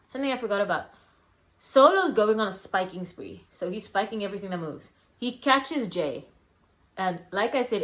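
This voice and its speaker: Chatty young woman reviewing wrestling. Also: mid-range voice. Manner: chatty, rambling, many fillers and self-corrections. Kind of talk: casual solo review vlog.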